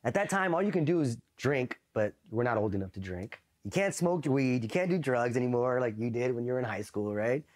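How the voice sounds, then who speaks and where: Male Marine veteran from East LA, mid-pitched, loose profane storyteller, leans on "you know" and "right?" in casual interview talk. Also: expressive, brisk, few pauses, darkish tone. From East Los Angeles.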